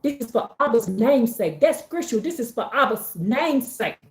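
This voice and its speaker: A woman giving a casual, animated religious pep talk to her community, talking in a preachy, slangy way and repeating herself for emphasis. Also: on the high side, brisk, reverberant. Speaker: faith community speaker.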